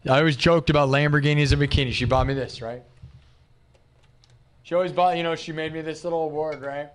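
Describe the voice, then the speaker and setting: A man's voice: a little high, fairly even intonation, brisk. A tired man talking candidly and emotionally in a rambling, casual livestream chat from his home streaming room. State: exhausted. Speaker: live streamer.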